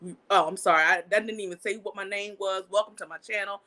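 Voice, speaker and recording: This is a young woman running her own channel, spilling a story in a loose, conversational way. She swears casually, and her voice shoots upward when she gets indignant. Her pitch otherwise sits in an ordinary middle range. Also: fast talker. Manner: animated, swears freely, pitch jumps up when outraged. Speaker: channel host. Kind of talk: casual live-stream storytelling.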